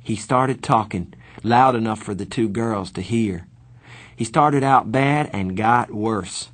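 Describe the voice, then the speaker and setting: A man narrating a novel in the first person, earnest and measured. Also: lowish voice. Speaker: audiobook narrator.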